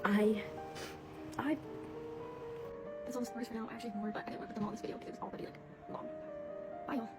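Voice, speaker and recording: A woman's voice: fairly high pitch, steady tone, racing, pauses often, low-quality recording. A teenage girl working as a cashier, telling a chatty storytime full of fillers and bemused asides. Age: teens. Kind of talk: casual storytime. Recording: music playing behind the voice.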